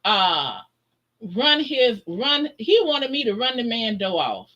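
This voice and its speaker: Woman guest, casual storyteller, very lively up-and-down voice, laughs a lot. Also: a little high, slow pace, lo-fi sound. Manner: animated, laughs often, acts out voices in her stories. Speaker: guest on a live stream.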